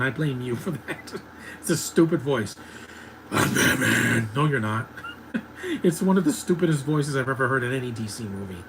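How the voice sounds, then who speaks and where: Male, 30s, mid-range voice, opinionated movie commentary host, loose and ranty, quiet hum in the background. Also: mid-range voice, rough recording. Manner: ranting, opinionated, laughs often. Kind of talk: live movie watch-along commentary.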